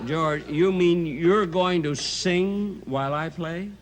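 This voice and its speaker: A man doing comic stage banter with dry, slow reactions. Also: on the high side. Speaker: comedian guest. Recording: distant stage mic with crowd and noise.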